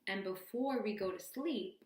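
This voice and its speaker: A woman's voice: medium pitch, measured pace. Slangy young woman telling a story. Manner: animated, slangy, jokey asides. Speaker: vlogger. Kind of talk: casual storytelling. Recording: roomy echo.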